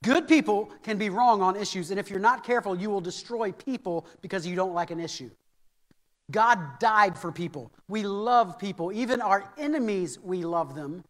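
Earnest American pastor preaching in a hall. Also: male voice, high-pitched, normal speed, a bit bright. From United States. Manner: earnest, repeats key phrases for emphasis. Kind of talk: sermon. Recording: reverberant hall.

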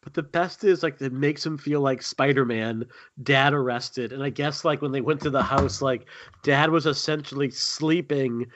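A man's voice: medium pitch, normal speed, muffled recording, background noise. A man hosting a horror podcast in casual chat, rambling with frequent ums, a little tired. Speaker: podcast host.

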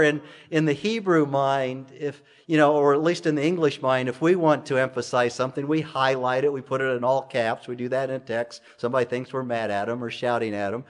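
A man preaching a sermon to his church in a conversational way, full of rhetorical questions and repeated phrases. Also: mid-range voice. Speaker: pastor.

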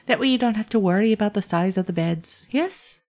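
A woman's voice: medium pitch, a little mellow, pitched above the performer's own voice, natural voice. A woman voicing a polite, formal female red dragonborn who welcomes guests in a tabletop role-play. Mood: gracious. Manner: courteous, measured hospitality.

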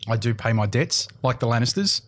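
A man's voice: medium pitch, expressive, a little fast, fairly bright tone, a little hiss or hum. A man co-hosting a golf podcast, chatting casually with dry jokes. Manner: dry, joking. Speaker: podcast co-host. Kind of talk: casual chat.

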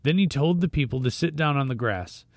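A man's voice: medium pitch, animated, a little fast, darkish tone, no echo, clean studio sound. A man hosting a short devotional show, reading scripture and then reflecting in a conversational, informal way. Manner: conversational and reflective, with fillers and restarts. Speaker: devotional podcast host.

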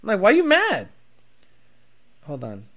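A man hosting a casual car talk rant, profane and animated, with bursts of Spanish mixed in. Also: high voice, unhurried. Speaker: car tuner and show host.

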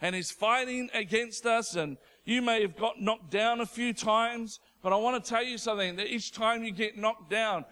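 A male preacher losing his voice, delivering an impassioned sermon that builds to shouting. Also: sits high, normal speed, few pauses, clean tone.

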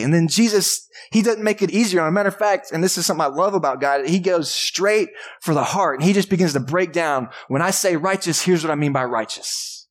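A man's voice: on the high side, fast talker. A man, a pastor, preaching a casual, joking sermon in a church and acting out voices from the crowd. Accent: Texan. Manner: conversational, jokey preaching with acted-out voices. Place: church sanctuary.

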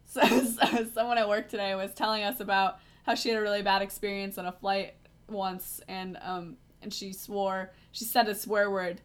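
A woman's voice: medium pitch, flat delivery, moderate pace, clear, resonant tone. A woman co-hosting a podcast in casual chat, teasing and laughing easily. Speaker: podcast co-host.

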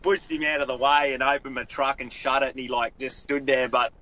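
A man with an Australian accent talks in a casual podcast chat, rambling and restarting his sentences. His voice is bright and forceful, and the recording is a little dull and lo-fi. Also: medium pitch, little pitch movement, brisk. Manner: rambling storyteller with many restarts. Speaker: guest angler.

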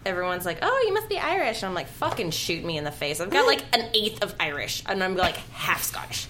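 A woman chatting bluntly and crudely as a guest on a radio show, telling quick stories. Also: fairly low pitch, sharp tone, slight background noise. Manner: blunt, profane, laughing storyteller. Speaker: studio guest.

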